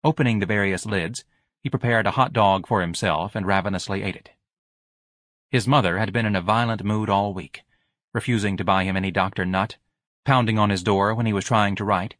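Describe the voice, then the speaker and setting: A man reading a novel aloud as narrator, in a wry, expressive storytelling manner. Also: fairly low pitch, no echo, clean studio sound. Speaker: audiobook narrator. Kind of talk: scripted narration.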